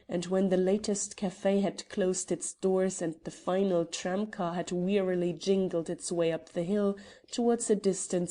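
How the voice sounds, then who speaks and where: A woman reads a classic mystery audiobook in an even, measured way. Her voice is mellow and warm, set at a middling pitch. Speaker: audiobook narrator. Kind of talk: audiobook narration.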